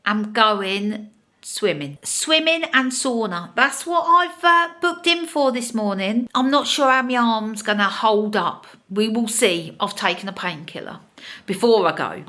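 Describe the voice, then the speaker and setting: Chatty woman vlogger, slightly high voice, upbeat casual delivery. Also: pushed and bright. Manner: chatty, upbeat, talks to camera. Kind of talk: casual vlog narration.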